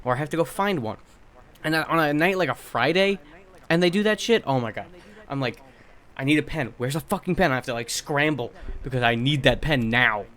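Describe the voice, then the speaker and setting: A young man co-hosting a podcast in casual chat, telling workplace stories in a blunt, profane, animated way. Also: mid-range voice, brisk. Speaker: podcast co-host.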